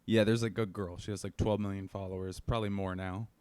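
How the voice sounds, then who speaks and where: A man's voice: low-pitched, flat delivery, fast talker, a little mellow, smooth, no echo. A man co-hosting a comedy podcast from home, rambling and joking casually with lots of fillers.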